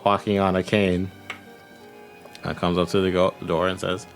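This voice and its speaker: Gravelly-voiced man running a tabletop game. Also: low voice, level tone, moderate pace, pauses often, soft background music. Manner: casual, laughs often. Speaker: game master.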